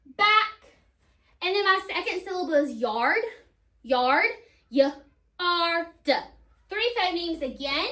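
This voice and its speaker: Bright, high-voiced teacher. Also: female voice, expressive. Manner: slow, deliberate sounding-out of words. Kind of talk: spelling lesson for children.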